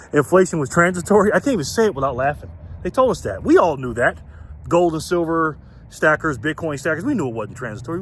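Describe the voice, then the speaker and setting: Vlogger type, a man with a slightly high voice, rambling outdoors and firing off rhetorical questions, wind on the mic. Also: fairly bright tone, low-quality recording. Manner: rambling, repetitive, rhetorical questions, laughs at own points. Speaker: political commentary vlogger. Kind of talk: outdoor walking vlog rant. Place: outdoors in wind, urban area.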